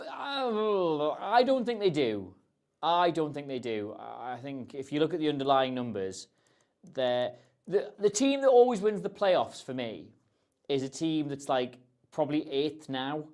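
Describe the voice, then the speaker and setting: A man's voice: medium pitch, lively intonation, normal speed, a little mellow. Chatty rambling male livestream host. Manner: chatty, rambling, self-deprecating. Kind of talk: casual livestream chat answering questions.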